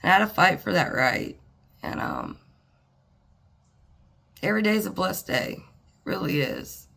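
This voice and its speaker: A woman talking to the camera in a personal, reflective monologue, halting and earnest, with pauses and sighs. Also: lowish voice, huge pitch swings, gravelly, a bit bright. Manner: earnest and plainspoken. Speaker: vlogger.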